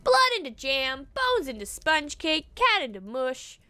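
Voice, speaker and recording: A woman doing a deadpan young witch. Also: high voice, a little slow, soft background music, full character voice. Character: quirky young witch heroine, deadpan weird.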